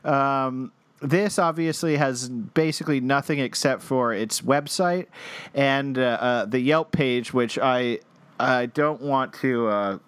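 A man's voice: mid-range voice, takes it slowly, clear, resonant tone, no echo. A man co-hosting a podcast, chatting casually and jokingly with frequent laughs and fillers. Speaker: podcast co-host. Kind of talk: casual comedic chat.

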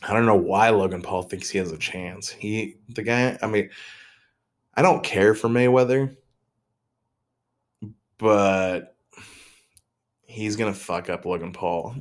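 Slow and full of long pauses, a young man with a very low, deep voice rambles through his casual solo podcast. Sounding mentally tired, he jumps between subjects, jokes at his own expense, and often stalls before restarting sentences.

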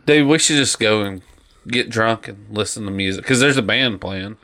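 A man in his thirties, co-hosting a podcast in casual, jokey chat that rambles. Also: moderate pace. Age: 30s. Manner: rambling and jokey, lively pitch. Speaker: podcast co-host.

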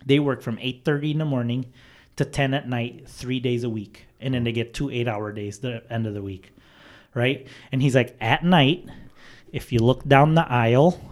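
A man telling a story in casual chat, animated and profane, acting out the people he quotes. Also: mid-range voice, normal speed.

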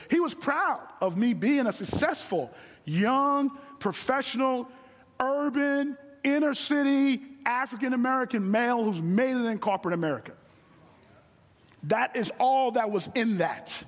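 A middle-aged man preaching a sermon from a stage, earnest and repeating phrases for emphasis, slowing down on key lines. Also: very high voice, expressive. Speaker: guest preacher. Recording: long hall reverb.

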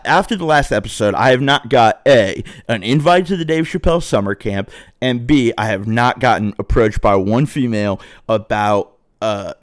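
A man's voice: lowish voice, no room sound, clean studio sound. A young man from Southwest Ohio, a podcast host telling a story in a casual, profane, swaggering way.

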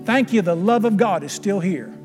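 A preacher, an older man, holds the pulpit with a high, bright-toned voice. His delivery is folksy and emphatic, and he laughs along with his own stories. The sound rings with the long reverb of a church sanctuary. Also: lively intonation, moderate pace, faint music behind. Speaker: pastor. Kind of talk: sermon.

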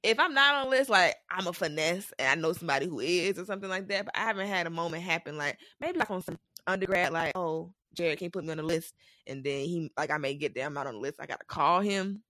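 A woman co-hosting a podcast, giving animated, joking commentary on an episode. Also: on the low side, quick pace, dry recording, studio quality. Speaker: podcast co-host. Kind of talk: casual episode recap.

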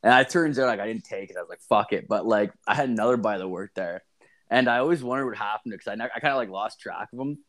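A man's voice: fairly low pitch, fast, fairly bright tone. A man co-hosting a podcast, telling a rambling story in casual chat, swearing constantly and laughing often. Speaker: podcast co-host.

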